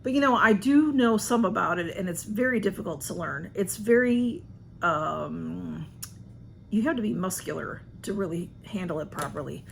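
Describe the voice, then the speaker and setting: A woman's voice: lowish voice, expressive, moderate pace, vocal fry, a little hiss or hum. A woman chatting casually at home, answering a list of personal questions in a rambling, self-deprecating way. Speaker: vlogger.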